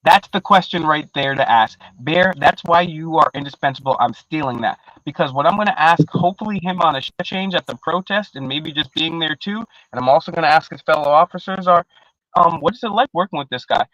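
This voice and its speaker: A man's voice: on the high side, a little fast, no room sound, dull audio. A man in casual live-stream panel chat, rambling and profane, with lots of slang and restarts, on a video call. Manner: restarts often, animated.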